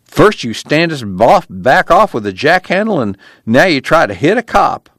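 A man's voice: fairly high pitch, big pitch swings, normal speed, a bit bright, no echo, studio quality, voice pushed up. A man voicing a wry, drawling farm son. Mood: teasing. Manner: laconic rural drawl, teasing. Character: wry young farm son, easygoing but tough. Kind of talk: audiobook dialogue reading.

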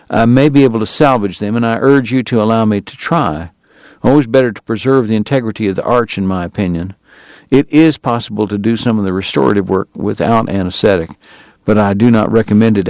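A man's voice: lowish voice, darkish tone, no room sound, close to an everyday voice. A man doing a courtly Southern dentist. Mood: measured. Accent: Southern US drawl. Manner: verbose, precise and courtly, prickly about his honor. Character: formal, long-winded Southern gentleman dentist and gambler.

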